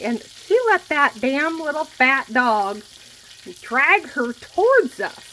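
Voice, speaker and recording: A woman in her forties venting in a casual monologue, blunt and quick to swear, repeating herself for emphasis. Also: high voice, animated, bright, forceful tone, poor audio. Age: 40s. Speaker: vlogger. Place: home kitchen while food cooks. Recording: faint frying noise behind. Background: food sizzling in a pan.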